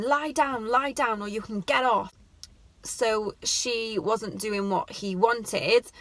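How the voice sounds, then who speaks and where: A woman's voice: mid-range voice, fairly bright tone, no echo. A woman, talking earnestly to camera about how parents speak to their children. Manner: earnest, heartfelt, pleading. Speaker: parenting vlogger. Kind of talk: casual talk to camera.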